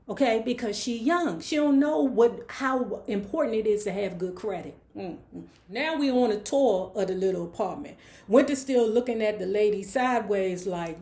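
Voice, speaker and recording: A sassy woman in her forties retells a novel for her book club, breaking off into blunt, profane asides. Her pitch sits mid-range, and her voice bounces around a roomy space. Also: unhurried, warm tone. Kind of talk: casual story recap. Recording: roomy echo.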